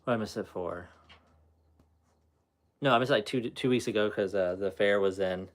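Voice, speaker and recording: A man's voice: on the low side, moderate pace. A man hosting a casual livestream, chatting loosely with viewers in a rambling, easygoing way. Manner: rambling, talks to his dog between chat replies. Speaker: livestream host.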